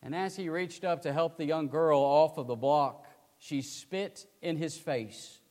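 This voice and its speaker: A high-voiced male preacher tells a sermon story slowly and dramatically. He swings between loud and hushed delivery, and his voice rings through a hall with a long reverb.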